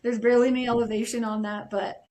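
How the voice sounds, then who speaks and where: A woman's voice: a little high, level tone, quick pace, warm tone. A woman guest on a podcast, recounting her first ultramarathon in a reflective, self-deprecating way. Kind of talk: casual interview chat.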